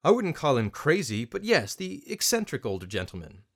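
A man voicing a gruff, weathered middle-aged father who speaks in brusque, terse lines. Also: mid-range voice, huge pitch swings, normal speed, exaggerated voice. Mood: steady.

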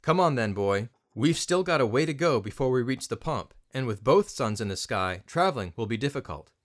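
Man doing gruff middle-aged father, terse, brusque, protective, lively inflection, storybook. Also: mid-range voice, a little fast, close to an everyday voice. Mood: wry.

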